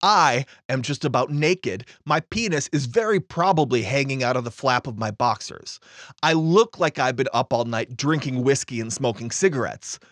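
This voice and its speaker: A man narrating a personal story with dry understatement, in a matter-of-fact tone. His voice sits in a middle pitch and sounds close and dry, with no room around it. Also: expressive, normal speed, a bit bright, dry recording.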